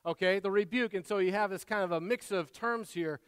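A man, a father, preaching a sermon in an earnest way, repeating words and moving between soft asides and loud emphasis. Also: high-pitched, brisk, clear, resonant tone, dry recording, big-room sound. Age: adult father. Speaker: pastor.

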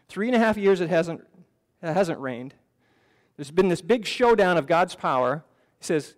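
A man with a fairly high voice preaching earnestly to a congregation. He talks in a conversational way and often restarts his phrases. The sound rings with the long reverb of a church hall. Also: expressive, moderate pace. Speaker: pastor. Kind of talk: sermon. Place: church sanctuary.

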